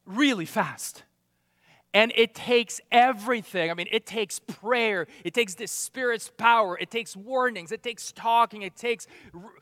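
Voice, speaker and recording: A man with a high, ringing voice delivers a sermon, pressing his points with questions and sudden drops to near-quiet. The close sound has a long hall reverb trailing behind it. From outside America. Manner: emphatic, rising and falling, rhetorical questions. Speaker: pastor.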